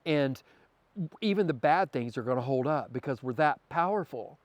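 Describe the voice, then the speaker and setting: A man's voice: mid-range voice, animated, normal speed, no echo. A man talking as a podcast guest, earnest and spiritual in manner, sometimes stammering as he thinks aloud. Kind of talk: casual conversation.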